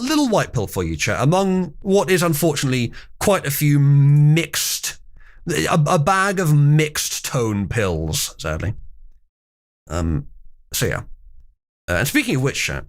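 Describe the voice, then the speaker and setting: A man hosting a livestream, chatting casually and rambling with wry asides to his chat. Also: mid-range voice. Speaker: livestream host.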